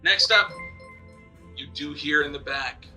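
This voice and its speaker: A man running a tabletop game as dungeon master, narrating lively and acting out monster screams. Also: a little high, measured pace, soft background music.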